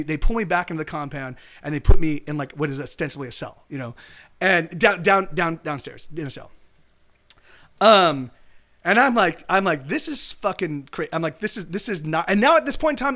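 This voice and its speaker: Speaking from his home streaming setup, this male streamer has a high-pitched, animated voice that sounds pushed and bright. He moves fairly quickly through a long, casual, meandering story, swearing and restarting sentences often.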